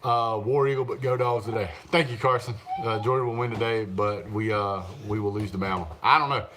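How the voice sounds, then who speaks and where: An adult man, a father of young children, hosts a casual live stream, reading viewer comments aloud and answering the chat. His voice is lowish, steady and a bit bright, fairly quick, with slight background noise. He's chatty, laughs often and talks back to the chat.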